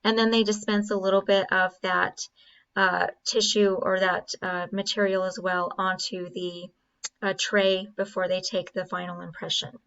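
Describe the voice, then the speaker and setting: A woman's voice: mid-range voice, flat delivery, moderate pace, creaky, fairly bright tone, dull audio, a little hiss or hum. A woman narrating a dental procedure video as an instructor, explaining steps with frequent fillers.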